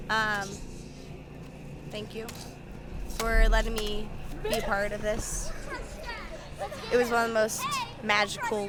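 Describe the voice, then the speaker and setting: Woman giving an earnest wedding toast. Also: mid-range voice. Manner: earnest, gushing with praise. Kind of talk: heartfelt wedding message.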